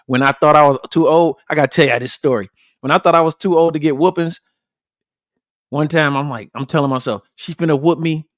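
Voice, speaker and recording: A man hosting a casual podcast livestream, talking bluntly and with plenty of profanity. His voice sits a bit high for a man, and he keeps circling back to his points and calling out to the viewers. The sound is dry and close, with no room echo. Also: brisk. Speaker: podcast host.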